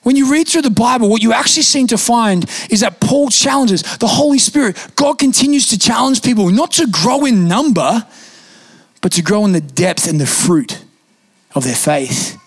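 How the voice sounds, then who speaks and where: A young man preaching a sermon in a church, telling stories in a lively, conversational way with casual fillers. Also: very high voice, normal speed, slightly rough. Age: young adult. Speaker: pastor. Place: church auditorium.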